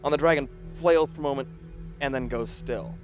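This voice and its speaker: A man narrates a tabletop game as its game master, painting each scene in vivid, detailed description. His voice sits at an everyday middle pitch. Background music plays clearly under him. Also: fairly quick.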